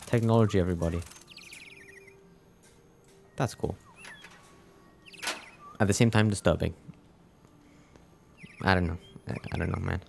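A man's voice: low voice, steady tone, a little slow, gravelly, long pauses, a little mellow, slight background noise. A young man giving casual let's play commentary, muttering wry reactions to a game. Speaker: gameplay commentator. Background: game music.

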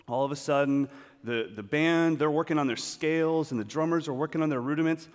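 A man's voice: a little high, fairly quick. A man giving a storytelling talk on a large auditorium stage, acting out scenes as he goes. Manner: animated, acts out scenes. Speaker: speaker at a talk. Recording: long reverb of a large hall.

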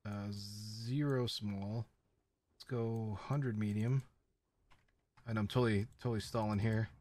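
A man giving casual running commentary as he plays a video game, talking to his viewers and often bursting into excited exclamations. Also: fairly low pitch, slow pace, no echo. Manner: excitable, squeals often, chatty. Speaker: game streamer.

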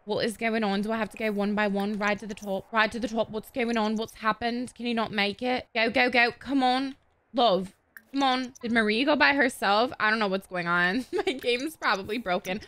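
A woman hosting casual gameplay commentary, loud, excitable and crude. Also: a little high, normal speed. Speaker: gaming host.

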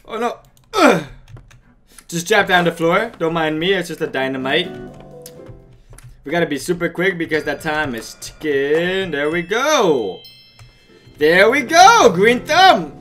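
A man giving frantic, excitable gaming commentary and chatting with his viewers as he plays. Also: fairly high pitch. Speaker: let's play gamer.

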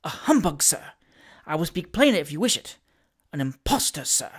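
A reader voicing a stout elderly gentleman in an audiobook, emphatic and stern when he gives orders. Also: mid-range voice, big pitch swings, fast. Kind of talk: audiobook character reading.

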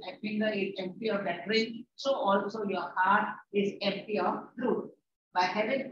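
A woman's voice: medium pitch, fairly bright tone. A woman teacher giving a classroom lecture. She paraphrases the lines she reads, repeats herself and scolds her students. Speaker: English teacher. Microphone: distant room mic. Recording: echoey, distant, dull and noisy.

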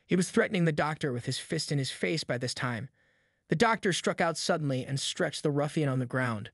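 A man's voice: a little high, animated, a little fast, breathy edge, no echo. Man narrating an audiobook, dry close sound.

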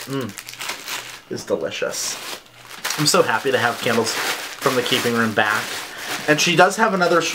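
Chatty vlogger unboxing, noisy crinkles. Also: mid-range voice. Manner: chatty, lots of "like" fillers. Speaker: vlogger reviewing candle scents. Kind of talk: casual unboxing chat.

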